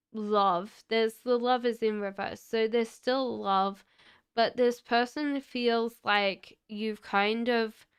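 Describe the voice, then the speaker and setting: Slow, smooth-voiced woman reading tarot. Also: a little high. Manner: slow, gentle, reassuring, with frequent fillers. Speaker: tarot reader. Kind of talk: live-stream tarot reading.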